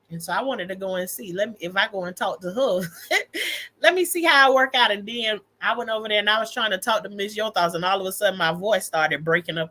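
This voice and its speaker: A woman's voice: mid-range voice, a little fast, sharp tone. A woman hosting a casual livestream, telling stories about family and her kids with candid emphasis and frequent laughter. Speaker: livestream host and mother.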